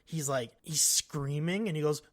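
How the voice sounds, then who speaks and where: A man co-hosting a podcast, telling stories in an animated, slangy, laughing way. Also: on the high side, moderate pace. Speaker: podcast co-host. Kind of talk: casual storytelling chat.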